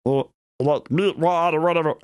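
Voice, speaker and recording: A male vocal coach explains technique with a fairly high speaking voice. He talks in loose, halting restarts and takes audible breaths as he demonstrates. The recording is close and dry, with no room around it. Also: darkish tone, no room sound. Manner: loose, demonstrating, breathy gasps between points.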